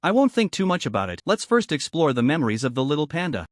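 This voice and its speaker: A man's voice: on the high side, big pitch swings, fast talker, no echo, clean studio sound. A man voicing a curious reincarnated little panda. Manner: eager, wondering.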